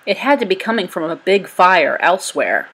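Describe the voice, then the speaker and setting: Storybook reader, woman, husky, lower-pitched voice, even narration. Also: moderate pace, low-quality recording. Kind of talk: storybook read-aloud.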